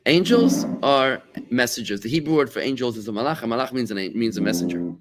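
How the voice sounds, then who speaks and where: Animated man teaching a Torah class. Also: mid-range voice, quick pace, a little hiss or hum. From South Africa. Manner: animated, repeats words while searching, acts out quoted voices. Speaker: rabbi.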